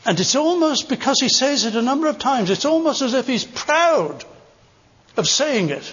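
A man's voice: extremely high pitch, sing-song, moderate pace, fairly bright tone, husky. An older man preaching a sermon, earnest, with emphatic stresses on repeated phrases. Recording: dull reverberant hall recording.

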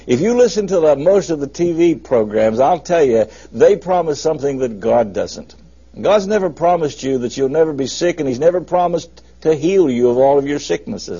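A husky male preacher delivers a folksy, emphatic sermon, his voice swinging between high and low. His tone is mellow and dark. The recording is dull and muffled. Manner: folksy, emphatic preaching with lively rises and drops.

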